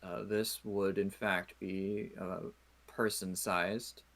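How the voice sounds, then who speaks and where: Low-voiced man running a tabletop game. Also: level tone, creaky, a bit bright. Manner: halting, many uhs and restarts. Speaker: game master.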